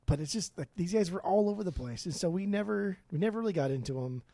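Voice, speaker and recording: Male co-host, mellow dark tone, loose and profane delivery, dry close-miked. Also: sits high, quick pace, dry recording. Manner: profane, rambling, animated opinions. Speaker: podcast co-host. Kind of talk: casual podcast chat.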